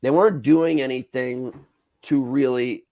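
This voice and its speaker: Male podcast host, 30s, lively storyteller, mid-pitched, swears casually. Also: a little slow, creaky. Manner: animated, swears freely, acts out quotes.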